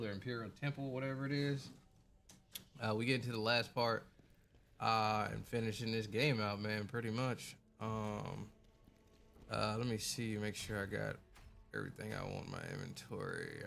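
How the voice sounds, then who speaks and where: A man's voice: mid-range voice, creaky, a bit bright. A young man hosting a casual late-night gaming livestream, greeting viewers by name in a laid-back, colloquial way. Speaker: gaming streamer.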